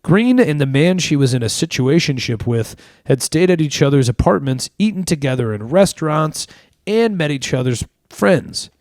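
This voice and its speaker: A man's voice: on the high side, animated, normal speed, a little mellow, no room sound. A man co-hosting a comedy podcast, reading news stories aloud and riffing on them with sarcastic jokes. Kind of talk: casual comedic banter.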